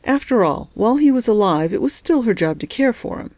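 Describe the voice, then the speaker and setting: A woman narrating a novel in a steady, measured storytelling voice. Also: a little high, no room sound. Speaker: audiobook narrator. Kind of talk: scripted narration.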